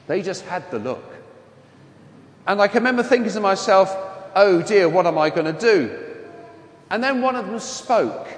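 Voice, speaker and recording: A Catholic priest with a mild London accent preaches in a high, light voice, telling wry, self-mocking stories as part of his homily. The sound is echoey, with the long reverb of a church hall trailing each phrase. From London, England. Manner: anecdotal, humorous, self-deprecating. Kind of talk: homily with personal storytelling.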